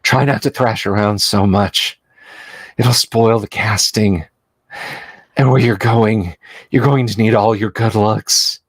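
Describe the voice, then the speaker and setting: An insane woman sculptor who giggles and taunts in a sing-song voice, as a man puts her on for a tabletop horror game. She drawls slowly and creepily. The sound is close and dry. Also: lowish voice, steady tone, no room sound. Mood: cooing menace.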